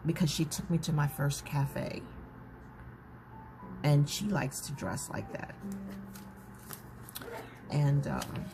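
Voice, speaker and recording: A woman's voice: low-pitched, gravelly. A woman chatting casually to her viewers while she flips through a journal. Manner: chatty, warm-hearted, talks to viewers as "y'all". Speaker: journaling vlogger. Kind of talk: casual chat. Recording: noticeable background noise.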